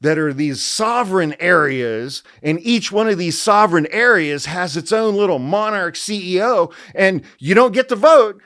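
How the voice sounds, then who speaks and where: A man impersonating a smug male pundit who lectures at a party in a loud, eager, droning voice. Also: high-pitched, expressive, moderate pace, hardly any pauses, voice pushed up. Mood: smug lecturing.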